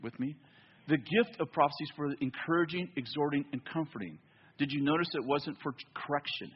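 High, husky-voiced preacher man. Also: a little fast, highs cut off. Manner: animated storytelling, acts out both sides of dialogue. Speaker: pastor. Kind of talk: sermon. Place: church.

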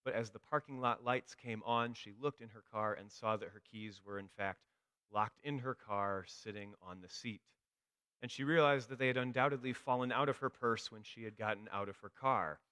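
A man's voice: mid-range voice, moderate pace, bright, forceful tone, clear, resonant tone, no echo. A man giving a sermon, telling a story with dry humor. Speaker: preacher.

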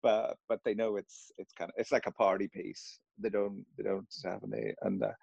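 A man's voice: on the low side, flat delivery, moderate pace, vocal fry, a little mellow, slightly rough, no room sound, lo-fi sound. A middle-aged man with a Northern Irish accent touched by American, talking casually in an interview, hesitant with many fillers and restarts. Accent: Northern Irish, slightly Americanized. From Northern Ireland.

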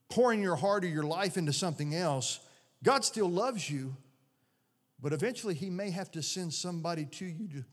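Middle-aged male pastor, earnest and conversational, in a big echoing church. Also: fairly high pitch. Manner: earnest, conversational preaching with many restarts. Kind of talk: sermon. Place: church sanctuary. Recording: long reverb of a large hall.

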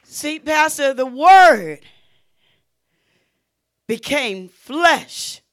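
A woman preaching a sermon, drawing out her words and rising to loud, emphatic peaks. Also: sits high, animated, extremely slow, dry recording, clean studio sound.

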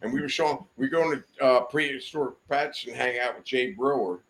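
A man of ordinary pitch spins a loose, profane story as a podcast guest. He swears constantly, trails off into restarts and laughs at his own tale. He is recorded in a studio. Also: fairly quick, a bit bright. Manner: swears often, rambling, laughs mid-story.

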